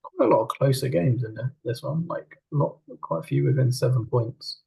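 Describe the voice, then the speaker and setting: A man co-hosting a casual podcast chat, hesitant and trailing off, with quiet laughs. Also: medium pitch, moderate pace, gravelly, slightly rough, poor audio. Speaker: co-host.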